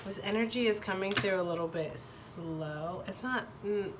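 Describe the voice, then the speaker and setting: A young woman with a nasal voice from a sinus infection, giving a casual tarot reading and often pausing and restarting as she searches for words. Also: mid-range voice, noisy background. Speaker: tarot reader.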